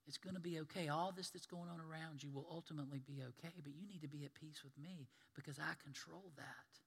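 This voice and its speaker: A man hushing as a calm, soothing Jesus. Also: fairly high pitch, brisk, gravelly, slightly rough, big-room sound. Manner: soft, half-whispered, soothing. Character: calm reassuring Jesus, gentle and hushed.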